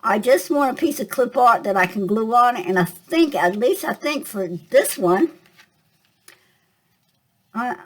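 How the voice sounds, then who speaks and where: An older woman walks through a craft project at a relaxed, chatty pace. She thinks aloud with plenty of ums and small asides, and a slight cough sits in her voice. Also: a little high, measured pace, pauses often, low-quality recording. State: coughing at times. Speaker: craft tutorial host. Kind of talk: casual craft tutorial.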